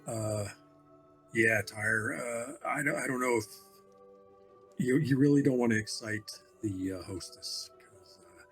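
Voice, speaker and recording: A man's voice: medium pitch, measured pace, long pauses, a bit bright, faint music behind. A man playing a character in a tabletop game, casual and friendly. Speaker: player.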